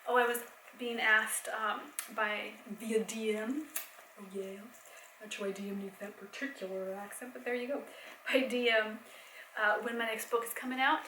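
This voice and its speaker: A young adult woman chatting casually in a home vlog, rambling with fillers and soft laughs, a bit tired. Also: a little high, fairly even intonation, moderate pace, reverberant, a little hiss or hum, low-quality recording. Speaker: vlogger and mom. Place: home, indoors.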